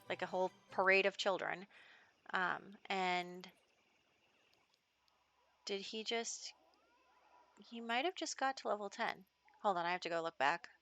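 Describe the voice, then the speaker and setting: Bright, chatty woman narrating gameplay. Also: on the low side. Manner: chatty, storytelling with many fillers. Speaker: gaming channel host. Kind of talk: let's play narration.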